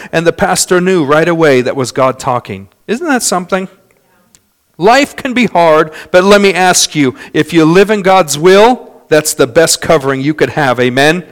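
Dynamic male preacher, fairly high voice. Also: animated, moderate pace. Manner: dynamic preaching with wide swings in loudness and pace; storytelling with imitated voices of others. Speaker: pastor. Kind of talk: sermon.

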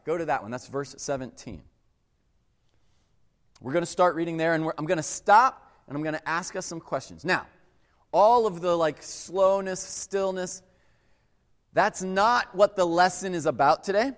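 Male pastor, slightly high voice, casual sermon delivery, long church-hall reverb. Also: normal speed. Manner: conversational, acts out quoted voices.

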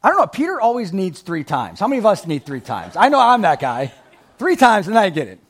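High, animated man preaching. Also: a little fast. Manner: animated, swings between loud emphasis and quiet asides; laughs at his own jokes. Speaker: pastor. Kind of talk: sermon with scripture reading.

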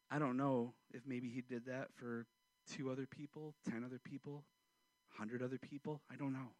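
A man in his forties, a pastor, preaching a sermon and telling a personal story, swinging from loud outbursts to hushed, quiet passages. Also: mid-range voice, fairly even intonation, normal speed, dry recording.

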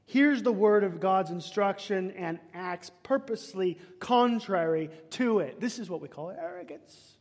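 A man preaching a sermon, emphatic, swinging between loud declaiming and hushed whispers. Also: high voice, a little slow, few pauses. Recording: long reverb of a large hall.

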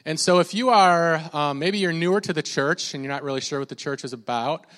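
A man's voice: a little high, brisk. A man preaching a sermon to his church, reading scripture aloud and leading the congregation in call-and-response. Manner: energetic, leads call-and-response. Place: church sanctuary. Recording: long reverb of a church hall.

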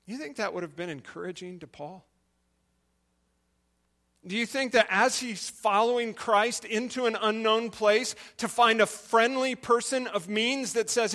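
A man's voice: high voice, moderate pace, fairly bright tone. A male preacher giving a sermon, retelling a story and asking the listeners questions.

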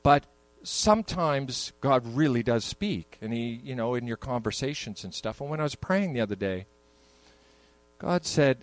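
A man's voice: mid-range voice, lively intonation, normal speed, no echo, rough recording. An older man, a pastor, preaching a sermon in a church, moving between conversational asides and emphatic peaks. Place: church sanctuary.

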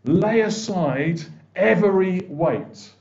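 A man's voice: sits high, lively intonation, takes it slowly, creaky, a little mellow. A man preaching a conversational sermon as pastor, often restarting and acting out what people say. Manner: conversational, with many restarts and quoted voices. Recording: echoey, dull church recording.

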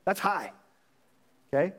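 Pastor guy preaching, kinda high voice, lots of restarts, echo from a big church hall. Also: big pitch swings, slow, fairly bright tone. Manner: emphatic, repeats phrases, frequent restarts. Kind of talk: sermon.

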